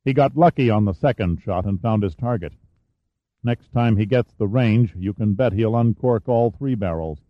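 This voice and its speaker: A man reading the part of a calm male admiral in an audiobook, slow, deliberate and matter-of-fact, on a dull recording. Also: fairly low pitch, no room sound, natural voice. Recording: dull, muffled dry recording.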